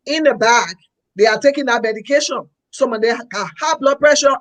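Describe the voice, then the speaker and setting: A man's voice: very high-pitched, brisk, a bit bright, low-quality recording. Pastor guy on a talk show, earnest and preachy, repeats himself a lot. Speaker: pastor and co-host. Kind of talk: opinionated talk-show commentary.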